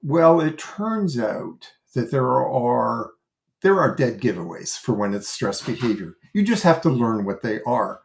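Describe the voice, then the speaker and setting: A man with an ordinary mid-range pitch, a guest expert in a podcast conversation. He explains earnestly and stresses his key words. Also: animated, unhurried, gravelly. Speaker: guest expert on child behaviour.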